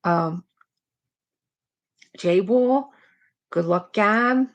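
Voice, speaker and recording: A woman's voice: mid-range voice, extremely slow. A middle-aged woman hosting a casual live stream, chatty and rambling, laughing often between stories and peppering her talk with "like". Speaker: livestream host. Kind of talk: casual chat to a live chat audience.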